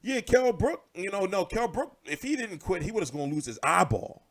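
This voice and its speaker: A man's voice: sits high, moderate pace. A man hosting casual boxing commentary, ranting with lots of swearing and repetition. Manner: animated, profane, repeats himself.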